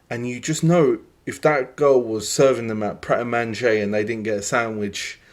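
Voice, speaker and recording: A man's voice: mid-range voice, steady tone, moderate pace, hardly any pauses. A man hosting a podcast, giving rambling opinions in casual chat, full of fillers. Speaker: podcast host.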